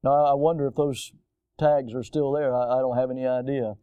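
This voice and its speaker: An older man preaching a sermon in a church, animated, with mocking voices for the people he quotes. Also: mid-range voice, fairly quick, clear, resonant tone, dry recording. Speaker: pastor.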